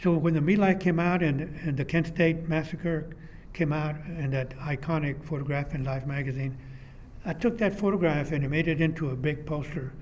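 An older man recalls his working years as an architectural designer in an oral history interview. He tells his stories in a rambling, animated way and acts out the dialogue. His voice sits a little high for a man, with a faint hiss of noise behind it. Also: moderate pace.

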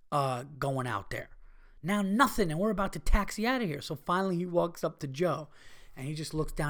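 A man telling a story in a casual, animated way, swearing freely and acting out the people he quotes. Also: a little high. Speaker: podcast host.

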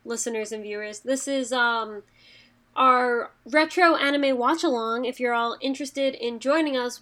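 High-pitched woman just rambling casually on a podcast, chatty. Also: fairly bright tone. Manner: rambling, chatty, frequent fillers and laughs. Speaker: podcast co-host. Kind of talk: casual chat.

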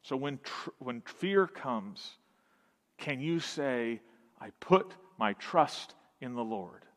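A man preaching a sermon as pastor, emphatic, with dramatic pauses, dropping to a hush and then swelling again. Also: mid-range voice, expressive. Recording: long reverb of a large hall.

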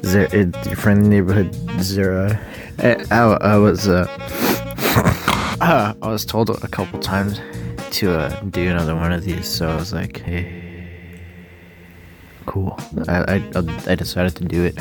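A man's voice: low-pitched, fairly even intonation, a little slow. A young man making a joking amateur ASMR video, stammering, swearing often and mocking himself. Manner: rambling, stammering, swears a lot, self-mocking. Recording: music playing loudly behind.

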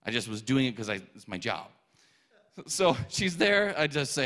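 A man telling a personal faith testimony, animated, acting out quotes and laughing often. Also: mid-range voice, moderate pace.

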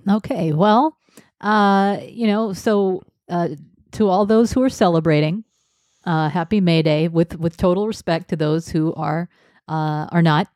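A woman with a lowish, mellow voice hosts a casual podcast. She talks dryly and self-deprecatingly, padding her lines with frequent "uh"s. The sound is close and dry, with no room around it. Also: measured pace, no room sound. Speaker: podcast co-host.

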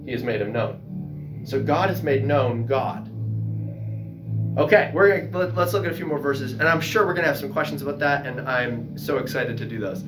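A man teaching a Sunday school class, reading scripture aloud and breaking into excited exclamations. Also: mid-range voice, moderate pace, reverberant, over music. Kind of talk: Bible class lesson. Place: church classroom.

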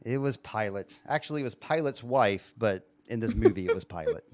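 A man's voice: fairly low pitch, lively intonation, fairly quick, dry recording, clean studio sound. A man hosting a casual chat, playfully quizzing his co-hosts and laughing often. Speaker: podcast host quizzing co-hosts.

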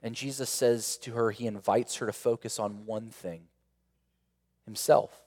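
A man of middling pitch preaches a sermon in a church sanctuary, and his words ring with a long reverb through the large hall. He is earnest and leans on rhetorical questions and repeated phrases. He swells to emphatic peaks, then drops to a quiet, intimate tone. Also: fairly even intonation, measured pace. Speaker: pastor.

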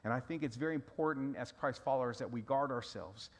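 A man's voice: mid-range voice, quick pace. A middle-aged man, preaching a sermon in a loose storytelling way, often restarting his sentences. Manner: conversational storytelling with repeated restarts. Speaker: pastor.

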